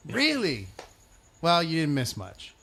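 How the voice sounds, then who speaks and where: A man's voice: a little high, huge pitch swings, takes it slowly, creaky, fairly bright tone. A man co-hosting a podcast, ranting animatedly about shows in casual chat and swearing freely. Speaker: podcast co-host.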